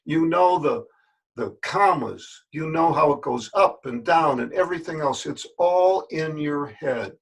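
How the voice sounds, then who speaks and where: A man's voice: fairly high pitch, measured pace, slightly rough. An older man, a yoga teacher, talking straight to his listeners in a folksy, earnest way and repeating words for emphasis. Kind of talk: spoken address to camera.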